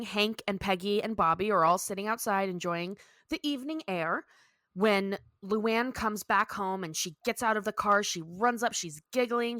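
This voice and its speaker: Woman podcast co-host, bright tone, dry close sound, chatty recap with little voices for the characters. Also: medium pitch, dry recording. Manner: animated retelling with quick character voices. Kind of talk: casual recap chat.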